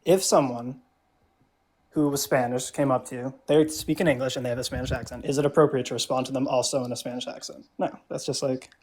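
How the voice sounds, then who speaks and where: A man's voice: mid-range voice, steady tone, fast, darkish tone. A young man in a mid-range voice, defending his view as a guest in a live debate. He stumbles often, restarts his sentences and leans on fillers as he talks. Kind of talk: casual debate on a call.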